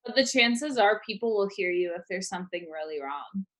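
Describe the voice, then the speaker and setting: A woman's voice: medium pitch, fairly quick. Young woman rambling through a story. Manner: rambling, animated storytelling with many "like"s. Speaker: podcast co-host. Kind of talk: casual storytelling chat.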